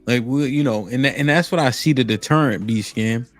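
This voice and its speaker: A man with hosts a casual podcast chat. He explains at an easy, mid-pitched pace and keeps checking in with the listener. His voice is close and dry on the mic, with faint music under it. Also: a little fast, no echo. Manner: laid-back, explanatory, says "right?" often. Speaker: podcast host. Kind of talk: casual conversation.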